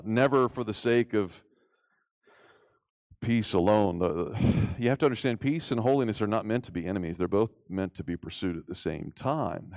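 Earnest male preacher with a gravelly voice. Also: lowish voice, darkish tone, no echo, studio quality. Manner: earnest, emphatic preaching with rising quoted passages. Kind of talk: sermon.

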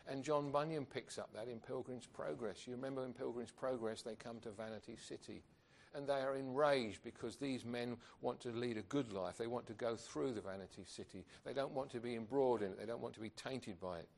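A man's voice: medium pitch, fairly quick, gravelly, few pauses, darkish tone. A man preaching a sermon, earnest and emphatic, asking rhetorical questions of his congregation.

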